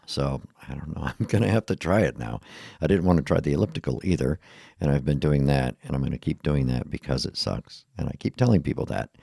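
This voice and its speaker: A man's voice: very deep voice, fairly quick, creaky, mellow, breathy edge, dry recording, studio quality. A middle-aged man talking tiredly in a rambling, self-deprecating podcast monologue, laughing at himself often. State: tired, yawning. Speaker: podcast host. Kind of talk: casual monologue.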